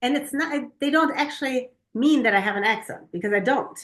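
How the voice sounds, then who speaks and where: Lively German woman telling a story. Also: high-pitched, brisk. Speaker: podcast co-host. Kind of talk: casual chat.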